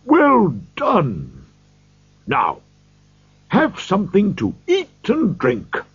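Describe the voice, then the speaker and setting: Brief: jolly old merchant, hearty and booming, lively pitch, put on by a man; lo-fi audio. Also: slow pace, breathy edge, no echo, exaggerated voice. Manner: rich, hearty, loud. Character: jolly, stout old merchant, a kind boss. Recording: dull lo-fi recording.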